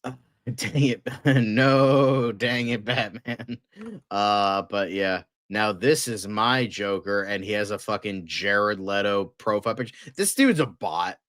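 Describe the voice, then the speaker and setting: Hosting a loose fan news livestream, a man with a fairly low voice chats excitedly and swears a lot, though he takes it slowly. He rambles with plenty of fillers, and the audio is dry and close with no room echo.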